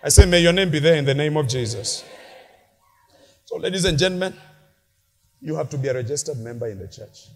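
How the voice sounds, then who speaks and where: Male pastor, high animated delivery, long church-hall reverb. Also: a little fast, long pauses. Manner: animated, shouting peaks, playful asides to congregation. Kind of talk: lively sermon.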